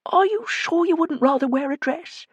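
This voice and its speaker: Woman voicing a high, fretful, kindly man; fussy and anxious. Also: lively intonation, normal speed, dry recording. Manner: anxious, doting, easily scandalised.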